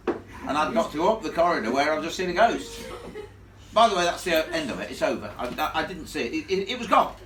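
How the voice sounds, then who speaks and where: A man tells a ghost story to a live audience, animated and chatty, laughing along with the listeners. His voice sits a little high and comes from some distance, with a roomy echo and faint background noise. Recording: echoey room, from far off.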